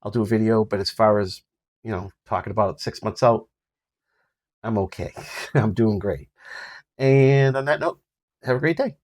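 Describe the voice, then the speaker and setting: A man's voice: on the low side, normal speed, pauses often, a little mellow. An older man with a Boston accent giving a casual, rambling vlog update, full of ums and easy laughs. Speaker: vlogger.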